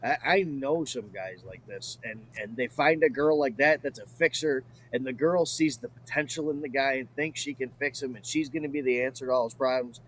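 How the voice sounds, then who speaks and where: A man's voice: mid-range voice, brisk, hardly any pauses, a little hiss or hum, poor audio. Blunt, emphatic male co-host. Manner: blunt and emphatic, says "dude". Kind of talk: casual live show chat.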